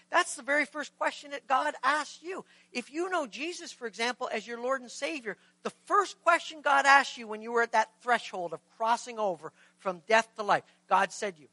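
Male pastor, high, bright voice, earnest sermon delivery, dry close sound. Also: dry recording, low-quality recording. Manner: earnest preaching, acts out short quoted exchanges.

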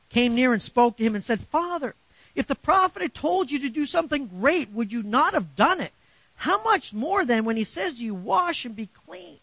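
A middle-aged male pastor preaching a sermon, animated and swinging from quiet asides to loud emphasis. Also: extremely high pitch, no echo, highs cut off.

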